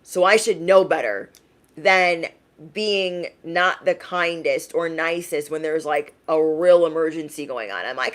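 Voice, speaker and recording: A young adult woman giving a casual livestream tarot reading in a frank, emphatic way, often tagging her points with a quick question. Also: low voice, a little hiss or hum. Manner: emphatic, frank, tags lines with "okay?". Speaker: tarot reader.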